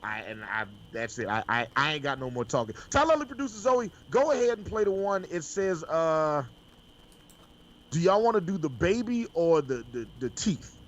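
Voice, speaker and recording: A man hosts a loose, casual reaction show, his voice sitting a touch high and heard through slightly dull, lo-fi audio. He stumbles over his words and restarts often as he calls out cues to his producer. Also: sing-song, moderate pace. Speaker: show host.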